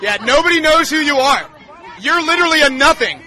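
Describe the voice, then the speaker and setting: Street reporter guy, sarcastic and mocking, real high bright voice, crowd noise around. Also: expressive, brisk. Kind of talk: confrontational street interview. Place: outdoors on a city street.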